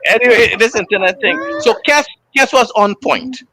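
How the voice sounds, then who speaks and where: A young man with a Trinidadian accent, hosting a casual aftershow chat with animated, joking talk full of local slang. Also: very high-pitched, normal speed, a little hiss or hum. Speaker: host.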